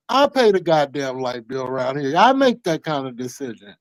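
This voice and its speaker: A man calls in to a morning talk show and rambles through a story, cursing constantly and getting worked up as he goes. His voice sits fairly high for a man, and the recording is dry and close. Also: very animated, normal speed, few pauses, fairly bright tone, dry recording, rough recording. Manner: profane, heated rambling storyteller. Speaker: caller telling a story. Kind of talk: casual call-in chat.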